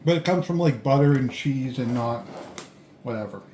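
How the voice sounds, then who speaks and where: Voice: medium pitch, moderate pace, warm tone, roomy sound, a little hiss or hum. A food vlogger tasting a delivered meal at home, rambling and thinking aloud between bites, filmed on a camera set on a tripod. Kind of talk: casual food-tasting vlog.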